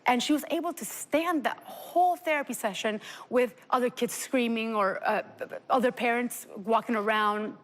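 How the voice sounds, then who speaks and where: Female talk-show guest, earnest storyteller, higher pitch, reverberant studio. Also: moderate pace, few pauses. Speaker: parent guest.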